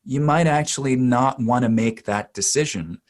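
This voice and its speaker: A man's voice: medium pitch, normal speed. A man, a dialect coach answering interview questions in a thoughtful, searching way. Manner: thoughtful, with many fillers and restarts.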